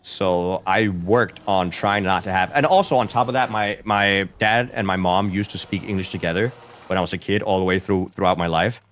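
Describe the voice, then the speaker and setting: A man's voice: deep voice, moderate pace, fairly bright tone, slight background noise. Easygoing man with a light Danish accent. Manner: easygoing, chatty, self-deprecating. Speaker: streamer co-hosting a game stream. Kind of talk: casual chat, reading chat.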